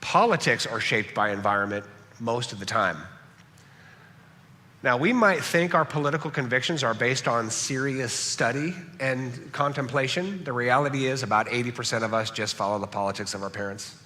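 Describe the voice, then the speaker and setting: A man's voice: mid-range voice, moderate pace, pushed and bright. A man from Southern California, a pastor giving a conversational sermon that he keeps punctuating with "right?". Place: church sanctuary. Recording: long reverb of a church hall.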